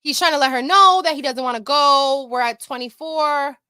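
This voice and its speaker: Casual woman commentator, swears a lot, bright voice, dry sound. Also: high voice, moderate pace, no room sound. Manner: blunt, profane, chatty. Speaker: commentary host. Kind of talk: casual commentary reading allegations.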